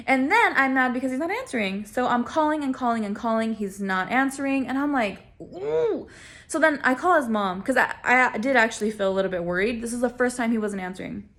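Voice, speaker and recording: A young woman vlogger, animated and quick, barely pauses while telling a personal story to camera in a fairly bright voice. She's casual and self-mocking, laughs often, and acts out quotes with big pitch swings.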